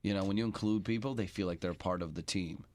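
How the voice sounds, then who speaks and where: A man's voice: low-pitched, quick pace, darkish tone, dry recording. A man co-hosting a casual podcast, teasing his friends and joking around. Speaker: podcast co-host. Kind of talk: casual chat.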